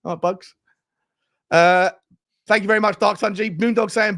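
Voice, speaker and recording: A man hosts a fan livestream in an excitable, slangy way. His voice sits high and has a gravelly, fried edge. He rattles through viewer messages with plenty of hype. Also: moderate pace. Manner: excitable, hyped, slangy banter. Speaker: fan show host. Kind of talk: livestream chat reading super chats.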